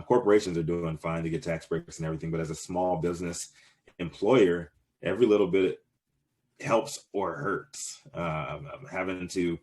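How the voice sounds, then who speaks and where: A man in his thirties answering interview questions casually, rambling with many fillers and restarts. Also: sits low. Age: 30s. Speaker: cannabis business owner, guest.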